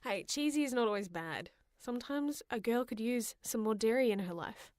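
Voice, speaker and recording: A woman's voice: a little high, lively intonation, moderate pace, darkish tone, no echo, studio quality. A woman co-hosting a gaming podcast in a playful, giggly casual chat. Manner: giggly, playful, hums tunes. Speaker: podcast co-host.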